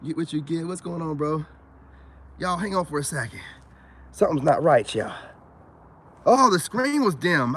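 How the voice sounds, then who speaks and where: A man's voice: high voice, normal speed, long pauses, a little hiss or hum. A man hosting a livestream, ranting casually and profanely while greeting chat viewers by name. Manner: profane, animated, repeats "you know what I'm saying". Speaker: livestream host.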